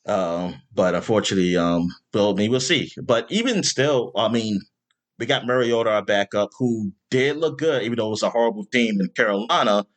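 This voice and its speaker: A man hosting a podcast in casual chat, rambling with lots of fillers and bursting into loud exasperation. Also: fairly low pitch, brisk. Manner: rambling, animated, with many fillers. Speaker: podcast host.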